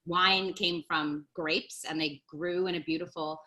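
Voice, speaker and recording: An American woman wine educator, a guest on a video call, articulate and quick to laugh. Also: lowish voice, fairly even intonation. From United States. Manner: warm, articulate, laughs easily. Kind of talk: interview guest.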